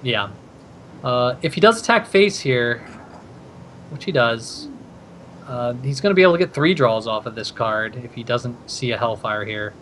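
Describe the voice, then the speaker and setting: A male esports caster breaks down each card-game play in a steady, analytical way, often thinking out loud with small fillers. His voice sits at an ordinary pitch, with a faint hum in the background. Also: moderate pace.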